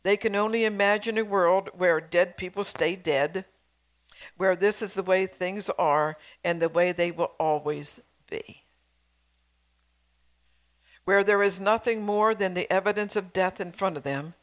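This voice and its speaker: A woman's voice: lowish voice, steady tone, moderate pace. A middle-aged woman preacher delivering a sermon, earnestly exhorting her congregation with rhetorical questions.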